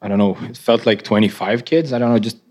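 Laughing low-voiced man, halting English. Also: fairly even intonation, a little mellow. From Israel. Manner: halting, laughs often, non-native English phrasing. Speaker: interviewed artist. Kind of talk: casual onstage conversation.

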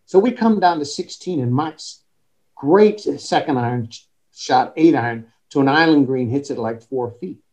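A man's voice: mid-range voice, normal speed. A man who coaches golf, telling stories in an interview and acting out the quoted dialogue. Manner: animated storyteller, acts out quoted dialogue. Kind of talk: storytelling in a podcast interview.

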